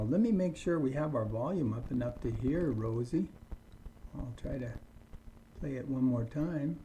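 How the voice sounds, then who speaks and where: A man teaching an online English lesson, speaking slowly and deliberately and repeating words for learners to copy. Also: medium pitch, animated, warm tone, slight background noise, poor audio.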